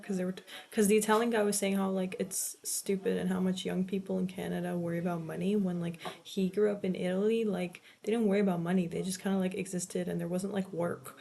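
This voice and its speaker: A woman's voice: medium pitch, flat delivery, fast, vocal fry, warm tone. A young woman in her late teens chatting casually in a vlog, rambling and swearing, with lots of "like" filler. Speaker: vlogger. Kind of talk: casual chat.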